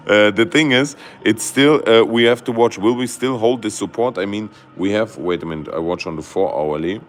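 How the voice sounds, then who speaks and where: Low-voiced man streaming live chart commentary. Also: moderate pace, hardly any pauses, slight background noise. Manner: excitable, loose grammar, many fillers and "guys". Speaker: crypto livestream host.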